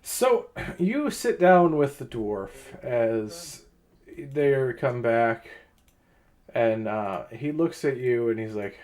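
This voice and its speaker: A man narrates a fantasy tabletop game over voice chat, mid-pitched and ordinary in tone. He explains items and scenes patiently, filling pauses with "uh". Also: sing-song, a little mellow. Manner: explanatory, with frequent "uh" fillers. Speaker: game master.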